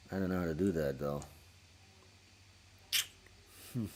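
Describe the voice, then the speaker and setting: A man hosting a casual livestream, talking in a crude, rambling, joking way with sudden loud bursts into a small studio microphone. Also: low voice, fast talker. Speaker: livestream host.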